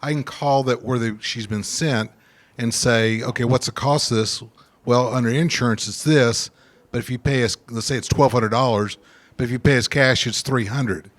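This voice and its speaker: A man's voice: medium pitch, moderate pace. A man from the audience asking a hesitant, curious question about prices.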